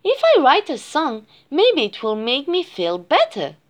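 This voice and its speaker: A woman voicing a gentle young female cat who sings high meows in a storybook. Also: huge pitch swings, measured pace, full character voice. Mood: hopeful.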